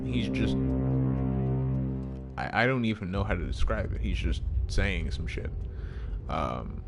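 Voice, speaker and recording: A man giving casual gameplay commentary, rambling and swearing with amusement at his own jokes. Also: low-pitched. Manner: rambling, profane, self-amused. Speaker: gaming streamer. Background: game music.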